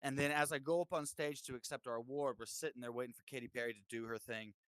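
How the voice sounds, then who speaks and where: Give me a musician man chatting loosely in an interview, animated and profane, recorded dry and close. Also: medium pitch, fast, no room sound. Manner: animated storyteller, swears, acts out voices with lots of "like". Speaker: guest musician. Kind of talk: casual interview chat.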